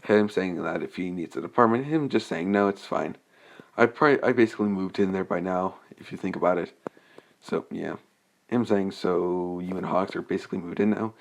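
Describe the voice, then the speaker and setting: Young man, lower voice, casual storyteller, rambling, hesitant, full of fillers. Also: moderate pace, vocal fry. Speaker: fan fiction storyteller. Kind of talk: casual unscripted story recap.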